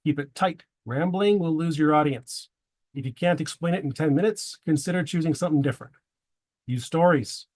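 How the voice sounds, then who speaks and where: A man's voice: on the high side, normal speed, darkish tone. A man giving a prepared presentation to a men's group, slipping wry dad jokes between his tips.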